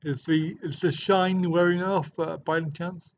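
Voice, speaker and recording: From a hotel room, a middle-aged livestream host jokes around and chats casually while responding to viewer comments. He speaks at normal speed in a somewhat high, a little mellow voice with fairly even intonation, over dull lo-fi audio with slight hiss or hum.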